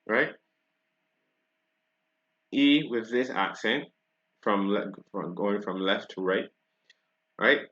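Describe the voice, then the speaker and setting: A man's voice: lowish voice, takes it slowly, long pauses, a bit bright, highs cut off. A man from Barbados with a Barbadian accent, giving a French pronunciation lesson and checking in with "right?" after each point. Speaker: French teacher.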